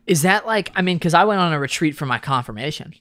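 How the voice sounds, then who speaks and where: A man's voice: on the high side, animated, fast, a bit bright, dry recording. A man who is a priest co-hosting a casual podcast, mostly chiming in with short replies and teasing questions.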